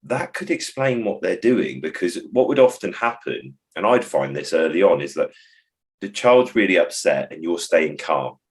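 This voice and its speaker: A man's voice: sits low, expressive, moderate pace. A man who works as a behaviour support trainer, talking in a reflective, digressive way on a podcast and acting out phrases as he goes. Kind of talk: podcast conversation.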